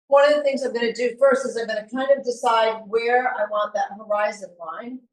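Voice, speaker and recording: A woman gives a live art demonstration, talking her audience through her painting in a loose, chatty way and pausing to think aloud. Her voice is medium-pitched but sounds thin and a little faint because she sits well back from the microphone. The room has a strong echo.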